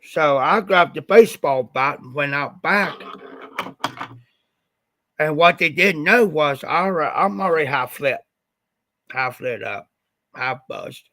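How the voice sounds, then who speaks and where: Man, livestream host, casual rambling storyteller, slightly congested, bright tense tone, fairly high voice. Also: a little slow, long pauses. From Ohio. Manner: rambling, repeats "I said" often. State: slightly stuffed up after the flu.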